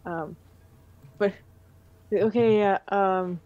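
A woman's voice: medium pitch, moderate pace. A woman playing a tabletop game in character, with laid-back, casual slang. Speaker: player.

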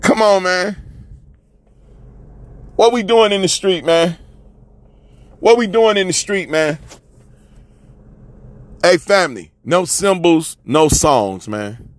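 A man giving fiery street-talk radio commentary, preachy and repetitive, often calling listeners "family", swinging between shouts and low mutters. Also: no echo.

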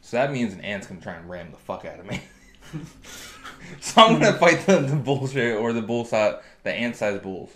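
A man's voice: medium pitch, big pitch swings, moderate pace, fairly bright tone, roomy sound. A man co-hosting a podcast in casual, joking banter, swearing a lot and talking bluntly. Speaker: podcast co-host.

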